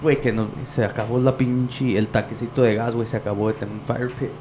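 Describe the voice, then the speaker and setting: A man tells rambling, profane stories in a casual podcast chat. He mixes Spanish slang into his talk, and his voice sits in an ordinary middle register. The recording carries clear background noise. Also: medium pitch, steady tone, fast. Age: 30s. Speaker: podcast host.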